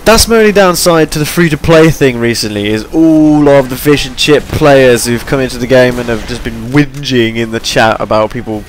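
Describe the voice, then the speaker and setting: A man's voice: medium pitch, normal speed, few pauses, a little hiss or hum. A tired young man giving rambling, chatty commentary over his gameplay, yawning between points. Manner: rambling, chatty, self-deprecating.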